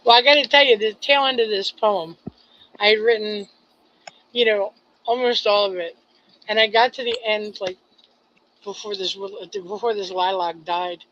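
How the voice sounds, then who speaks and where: A middle-aged woman poet who reads her poem aloud, then tells the story behind it in an expressive way, laughing at herself. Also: medium pitch, normal speed, pauses often, a little hiss or hum. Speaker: poet and co-host. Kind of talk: poetry reading and casual chat. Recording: slightly dull lo-fi online radio audio.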